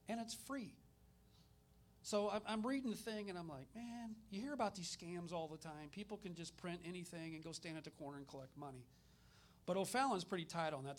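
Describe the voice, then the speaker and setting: A middle-aged man, a minister telling personal stories in a conversational sermon with animated retellings. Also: on the high side.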